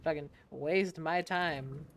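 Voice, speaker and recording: Speaking slowly in a low voice, a young woman from the US chats while gaming on stream, spinning relaxed stories. She swears without hesitation, laughs a lot and imitates the people in her anecdotes, with a bit of hiss or hum in the background.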